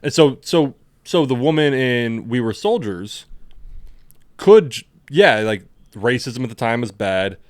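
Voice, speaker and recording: A man co-hosting a casual podcast, retelling scenes with animated acted-out quotes. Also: medium pitch, a little slow. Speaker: podcast co-host.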